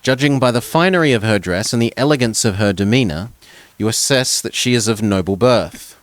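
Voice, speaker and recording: A man reading a fantasy gamebook aloud in the second person, with a middle-pitched voice. He trips over words and restarts them in a relaxed way. The sound is dry and close. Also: a little fast, dry recording. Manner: second-person narration with stumbles and casual asides. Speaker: gamebook reader.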